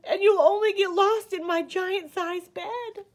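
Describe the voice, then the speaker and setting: A woman's voice: very high-pitched, fairly even intonation, unhurried, pitched above the performer's own voice. A woman voicing a huge bear cub who sobs and wails for his lost teddy. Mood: sobbing. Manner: sobbing, wailing.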